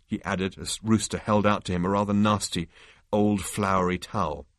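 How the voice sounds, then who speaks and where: A man reads a book chapter aloud in a measured, dryly expressive voice. His pitch is fairly low. The recording is dry and close, with no room sound. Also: dry recording. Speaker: audiobook narrator. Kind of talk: scripted narration.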